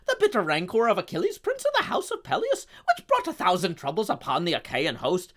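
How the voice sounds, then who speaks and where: A man doing a gruff Scottish clan leader who declaims epic verse in a booming, theatrical way. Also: wildly swooping pitch, brisk, a bit bright, full character voice. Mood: grandiose.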